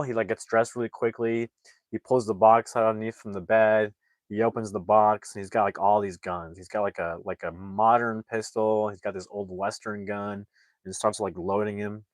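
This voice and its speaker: Low-voiced man rambling through a plot recap. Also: dry recording. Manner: rambling, heavy use of "like" fillers. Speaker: movie reviewer.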